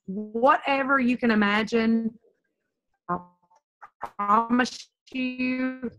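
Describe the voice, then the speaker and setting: Casual, upbeat woman trainer on a video call, higher voice, dry close sound. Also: fairly bright tone, no echo, rough recording. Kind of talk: online training talk.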